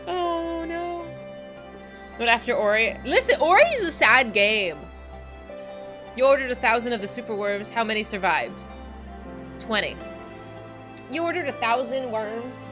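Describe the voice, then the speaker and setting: A woman's voice: on the high side, lively intonation, a little slow, long pauses, over music. Bubbly woman streamer chatting with her chat. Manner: bubbly, giggly, chatting to viewers. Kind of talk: casual live-stream chat.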